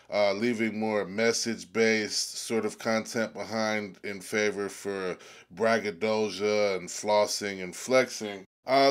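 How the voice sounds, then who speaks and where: A man with a lowish voice delivers an opinionated commentary to his viewers. He speaks emphatically and casually, dropping in the odd filler as he builds his case. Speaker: video essayist host.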